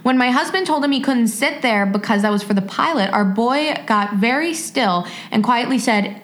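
A woman with a fairly high voice reads a listener's story aloud on a podcast. She reacts openly and with feeling along the way. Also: normal speed, hardly any pauses. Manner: expressive, emotional reactions. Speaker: podcast co-host. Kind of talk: reading listener stories aloud, casual chat.

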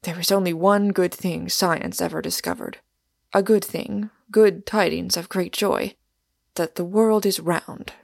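A woman voices a towering, excitable young wanderer who talks with fervent, emphatic conviction. The voice sits a little low and gravelly, close and dry, as in a storybook reading. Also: unhurried, no echo.

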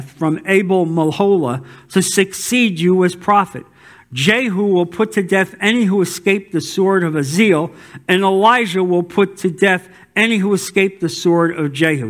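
Pastor guy preaching, high voice, loud urgent bits then hushed low ones. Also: moderate pace. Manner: dynamic preaching, swinging between loud emphatic calls and quiet low asides. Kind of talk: sermon.

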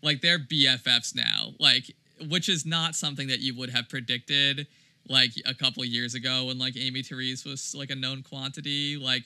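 A man's voice: mid-range voice, little pitch movement, moderate pace, sharp tone, clean tone, no echo. A man co-hosting a podcast in casual chat, loose and heavy with "like" and "you know". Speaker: podcast co-host.

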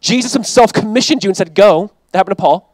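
A man's voice: high-pitched, quick pace, darkish tone, no room sound, rough recording. A man pastor preaching a sermon in a conversational, emphatic way, often acting out quoted lines.

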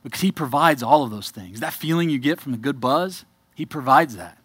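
A man preaching to a congregation, telling his own story with earnest emphasis and quiet asides. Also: mid-range voice, lively intonation, brisk, husky, dry recording. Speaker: church speaker giving a testimony. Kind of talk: testimony sermon.

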